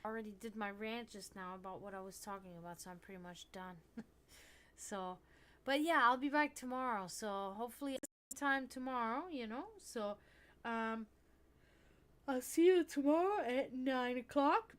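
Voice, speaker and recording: Chatty bright-voiced woman streamer. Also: moderate pace, clean tone. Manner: rambling, many restarts and fillers; high baby talk to her cats. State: tired. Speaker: livestream host. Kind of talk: casual livestream chat.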